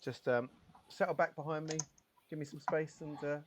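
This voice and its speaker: A man's voice: a little high, steady tone, normal speed, slight background noise. A man playing a character in a tabletop role-playing game, talking in a friendly, hesitant way with plenty of "um" and "uh". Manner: hesitant, friendly, light laughs. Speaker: player. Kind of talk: casual tabletop play, partly in character.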